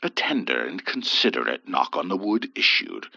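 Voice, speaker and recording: A man's voice: rumbling low, very animated, moderate pace, creaky, hardly any pauses, pushed and bright, no room sound. A man narrating a scripted horror story with a theatrical, swooping delivery. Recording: dull dry lo-fi voice.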